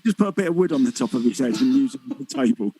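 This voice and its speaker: A man's voice: mid-range voice, animated, rapid-fire, a crowd in the background, low-quality recording. A man commentating on a pool match, chatty and teasing, laughing easily with his co-host. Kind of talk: live sports commentary.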